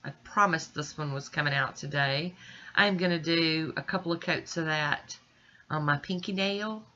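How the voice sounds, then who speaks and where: A woman's voice: low voice, normal speed, bright, forceful tone, highs cut off, slight background noise. A woman with stuffy, congested sinuses, chatting reassuringly to viewers as she walks through a nail art tutorial at home. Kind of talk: casual step-by-step tutorial narration.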